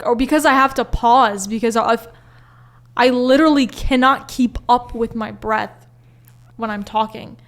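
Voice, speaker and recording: Candid young woman, somewhat high voice. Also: a little slow. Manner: candid and expressive, swears freely. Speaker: podcast guest. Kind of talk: casual podcast chat.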